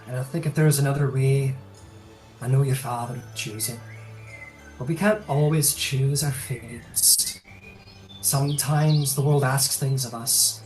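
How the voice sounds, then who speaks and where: A gentle, patient mother speaks softly to her grown son, as a man puts her on in a tabletop role-play. Her words come slowly and evenly in a plain mid-pitched voice. Faint music plays behind her. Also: lightly acted. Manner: soft, reassuring, slow.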